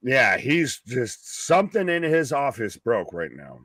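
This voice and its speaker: Here a man with a mid-range voice co-hosts a live wrestling stream, speaking unhurriedly on a dry recording. His tone is relaxed but excitable, full of cursing, and he keeps talking over his partner.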